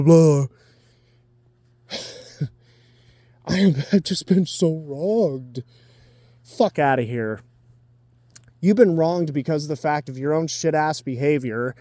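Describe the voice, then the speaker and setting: A man's voice: a little high, a little mellow, no room sound. A man in his twenties giving dating advice in a blunt, profane, ranting casual monologue. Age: 20s.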